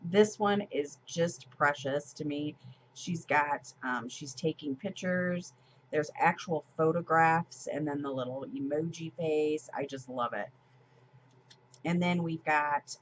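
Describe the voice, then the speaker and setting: Brief: woman, low pitch, chatty planner vlogger with ums and soft laughs, slightly dull recording with a faint hiss. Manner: chatty, warm, lots of ums and small laughs. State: a little choked up with emotion. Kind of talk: casual plan-with-me chat.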